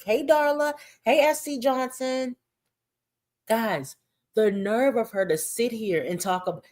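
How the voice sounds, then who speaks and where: A woman's voice: mid-range voice, a little mellow. A woman hosting casual livestream commentary, talking in a profane, mocking way.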